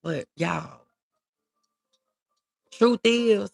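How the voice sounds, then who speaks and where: Drawing out her words in a mid-range voice with vocal fry, a middle-aged livestream host chats casually, reading her viewers' comments aloud with warmth and emotion.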